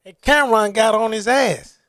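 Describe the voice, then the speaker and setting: A man from Chicago co-hosting a podcast in casual chat, slangy and joking with sharp retorts. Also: high-pitched, normal speed, no echo, studio quality. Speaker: podcast co-host.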